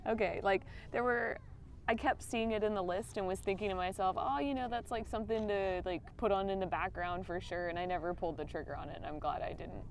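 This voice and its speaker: A woman co-hosting a livestream outdoors on a clip-on mic, relaxed and casually swearing in easy chat. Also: mid-range voice, fairly quick, a little hiss or hum. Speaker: livestream co-host. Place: outdoors, riding scooters. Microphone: wireless clip-on microphone.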